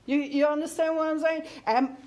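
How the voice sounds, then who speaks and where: A woman in her fifties with a high voice talks frankly about family and identity on a talk show. She laughs easily and keeps checking in with her listener. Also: fairly even intonation, fairly quick, darkish tone. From Germany. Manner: candid, laughing, repeats "you hear what I'm saying".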